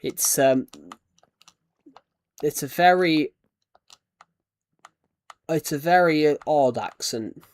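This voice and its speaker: Taking it slowly and pausing often, a young British streamer chats casually over his game and thanks viewers and donors. His voice is a little high, and he tends to trail off and restart.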